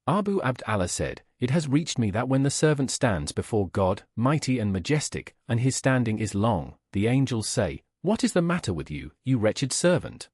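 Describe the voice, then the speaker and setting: A man narrating an audiobook in a solemn, measured reading voice, voicing the quoted speakers as he goes. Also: mid-range voice, a little mellow, no room sound, studio quality.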